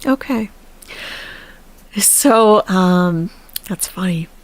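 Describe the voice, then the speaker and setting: A woman's voice: medium pitch, extremely slow. A woman hosting a live stream, chatting casually and animatedly, laughing often and thanking viewers.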